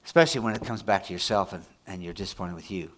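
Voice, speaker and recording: A man preaching a sermon, moving between quiet, low passages and loud, high-pitched, excited prayer. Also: quick pace, a little hiss or hum. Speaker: pastor.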